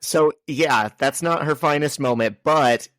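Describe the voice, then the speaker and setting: A man's voice: fairly high pitch, measured pace, a bit bright, dry recording. A man co-hosting a casual comic-book podcast, arguing his view of the characters. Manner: argues his point, defending characters. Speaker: podcast co-host.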